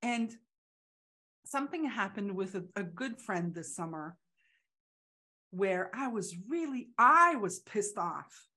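A woman in casual, reflective conversation, talking haltingly with many restarts and acting out the voices she quotes. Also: medium pitch, very animated, bright, forceful tone.

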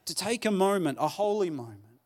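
A man's voice: high-pitched, sing-song. Earnest preacher, a man. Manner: earnest, pleading, with dramatic pauses. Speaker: pastor. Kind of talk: sermon. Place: church hall.

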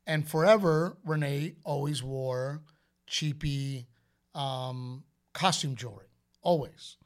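A man co-hosts a podcast, spinning stories in a loose, chatty style full of fillers. His medium-pitched voice takes its time, keeping the conversation casual.

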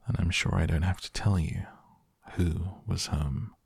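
A man narrating an audiobook in a wry, measured storytelling manner. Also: sits low, gravelly, darkish tone, breathy edge, dry recording, clean studio sound.

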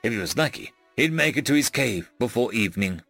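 Expressive gravelly male story reader. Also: medium pitch, brisk, no room sound, faint music behind. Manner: expressive, dramatic reading. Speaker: story narrator. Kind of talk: scripted story reading.

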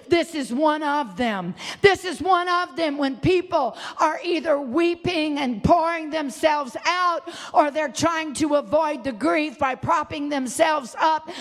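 A middle-aged woman preaching a sermon, swinging from loud impassioned cries to hushed, low, tearful tones. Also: unhurried, hardly any pauses, in a large hall. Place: church sanctuary.

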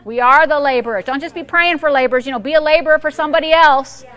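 Woman, pastor, fervent sermon, high voice, bright tone, commanding declarations. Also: quick pace. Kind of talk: sermon with prayer.

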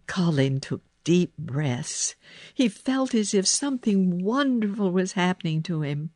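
A woman narrating a children's storybook in a gentle, unhurried reading voice. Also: lowish voice, animated, no room sound, studio quality.

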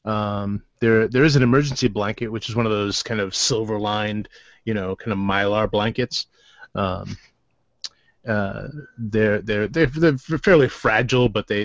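Low-voiced halting game master. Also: male voice, dry recording. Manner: halting, many fillers and restarts. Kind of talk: narrating a tabletop game. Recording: dull, lo-fi and dry.

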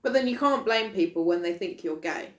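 A woman's voice: medium pitch, animated, a little fast. A woman co-hosting a casual podcast, wry and opinionated, teasing her co-host. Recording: echoey room.

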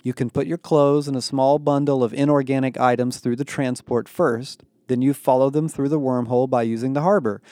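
A man voicing a calm, matter-of-fact male alien guide who explains things plainly. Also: medium pitch, fairly quick, hardly any pauses, no echo, lightly acted.

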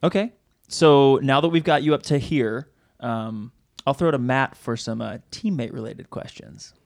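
A man's voice: mid-range voice, dry recording, clean studio sound. A man hosting a casual sports podcast, chatty and joking. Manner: chatty, joking, talks in quick bursts. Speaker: podcast host.

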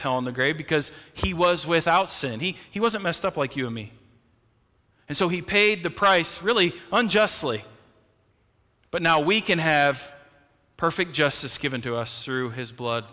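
Man preaching in church, kinda high voice, passionate, goes quiet then loud, long echo in the hall. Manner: repeats words when starting phrases. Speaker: pastor. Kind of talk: sermon. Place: church sanctuary.

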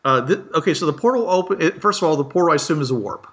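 A man's voice: fairly high pitch, expressive, racing, fairly bright tone. A man hosting a casual chat, chuckling often and asking clarifying questions. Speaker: host.

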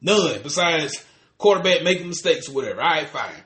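A man's voice: a little high, a little fast. Ranting man in an echoey room. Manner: animated, profane ranting with repeated restarts. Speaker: podcast co-host. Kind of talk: casual chat.

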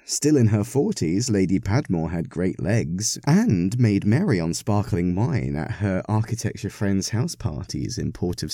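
A man reading a story aloud, narrating in an expressive, wry manner. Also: lowish voice, no echo, studio quality.

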